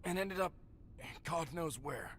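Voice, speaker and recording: A man's voice: a little high, expressive, measured pace, fairly bright tone, a little hiss or hum. An actor playing a grumpy injured man lost in the woods, talking tersely and swearing under strain in a video game. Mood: shaken.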